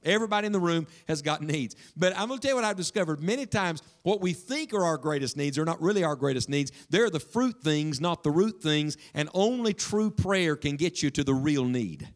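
A man preaching a sermon in a church, swinging between loud emphasis and hushed asides. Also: a little high. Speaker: pastor.

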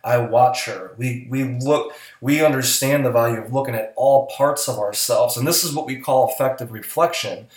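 A man's voice: mid-range voice, moderate pace, hardly any pauses, roomy sound. A man co-hosting a casual podcast, talking in an earnest, coaching way and speaking bluntly, with the odd swear word. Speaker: podcast co-host.

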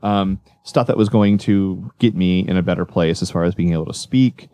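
A male magician talking casually in an interview, rambling and correcting himself as he tells animated stories. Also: low voice, moderate pace, dry recording. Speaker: magician guest.

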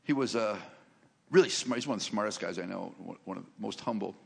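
A man with a rough, fry-edged voice delivers a sermon and personal testimony. He tells his stories with humor and then lifts into loud, emphatic preaching. The sound carries the long reverb of a large church sanctuary. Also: on the low side, quick pace. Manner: animated, joking storyteller who rises to loud emphasis. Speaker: guest preacher.

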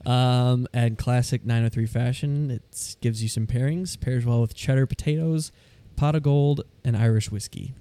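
A man's voice: mid-range voice, measured pace, dry recording. A man co-hosting a podcast in casual, jokey chat. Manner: relaxed, jokey, reads labels aloud. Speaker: podcast co-host.

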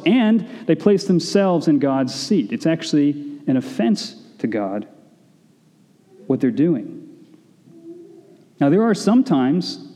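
A man's voice: fairly high pitch, warm tone, long reverb tail. A man preaching a sermon in a conversational way, with casual asides to his listeners.

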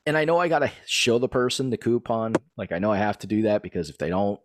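A man in his thirties chatting casually as a podcast co-host, telling stories with animated delivery and frequent laughter. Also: fairly low pitch, quick pace, noisy background. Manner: animated storyteller who laughs often. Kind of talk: casual chat.

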